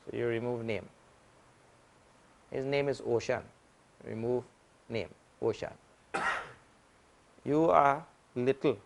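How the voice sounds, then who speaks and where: A male swami teaches in a patient, repetitive way, building simple analogies step by step. He speaks at a mid pitch and swells louder whenever he stresses a key phrase. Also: slow pace, vocal fry, pauses often, slight background noise. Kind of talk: spiritual lecture.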